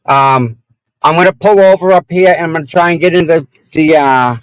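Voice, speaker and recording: Talking brisk and smooth in a fairly high male voice, this streamer rambles to his audience from behind the wheel and complains about other motorists. The low-quality recording has no room sound.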